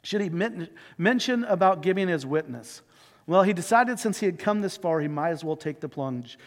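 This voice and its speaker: A man's voice: high-pitched, lively intonation, moderate pace. A male pastor telling a story in a sermon and leading a closing prayer, in an earnest, emotive way. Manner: earnest, emotive retelling with shifting pace. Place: church sanctuary. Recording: church hall reverb.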